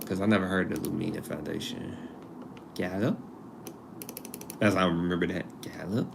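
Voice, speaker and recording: A man's voice: sits low, fairly even intonation, moderate pace, vocal fry, noisy background. A man hosting a live stream, talking in a loose, conversational way, drifting off topic and repeating himself for emphasis. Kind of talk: casual live-stream talk.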